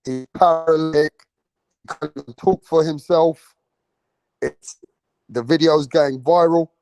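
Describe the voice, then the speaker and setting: Man, live-stream host, slow, slightly high voice, dry close sound, excitable and repetitive. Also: dry recording, poor audio. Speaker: livestream boxing host. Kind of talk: casual live-stream chat.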